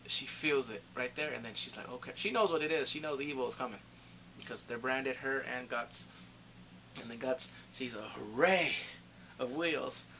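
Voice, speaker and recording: A man's voice: mid-range voice, slight background noise. A man giving a casual, rambling episode review, often correcting himself as he goes. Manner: rambling, animated, self-correcting. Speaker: anime reviewer.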